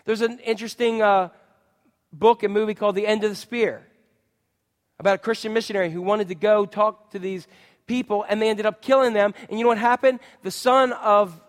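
A man's voice: high voice, fairly even intonation, fairly quick. A man in his forties preaching a sermon, who tells a funny personal story, acts out screams and voices, and then turns it into a lesson. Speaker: pastor. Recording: long hall reverb.

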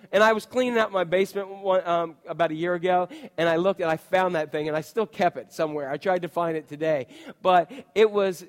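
A man preaching a sermon, telling a personal story and asking the congregation questions. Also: high-pitched. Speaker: pastor. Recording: long hall reverb.

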